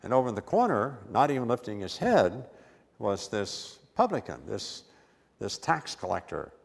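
Preacher guy giving a sermon, emphatic, repeats himself, lowish voice, church echo. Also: big pitch swings, moderate pace, creaky, slightly rough. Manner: emphatic, repeats words for stress.

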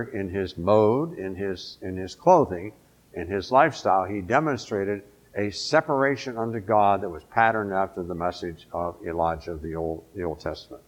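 A middle-aged man preaching a sermon in a conversational way, asking his listeners questions as he goes. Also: on the low side. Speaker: pastor.

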